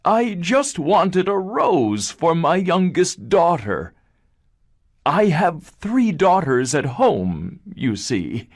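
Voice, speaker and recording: A man's voice: on the high side, big pitch swings, slow pace, pitched above the performer's own voice, full character voice. A man reading aloud and voicing a frightened, sad old father who pleads anxiously. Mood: pleading.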